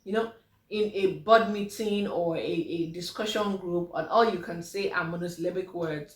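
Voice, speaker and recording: A woman's voice: fairly low pitch, fairly even intonation, normal speed, recorded from a distance. A woman physiotherapist giving an informal health talk to mothers, chatty with many fillers, acting out the replies she quotes. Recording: echoey room, voice from off mic.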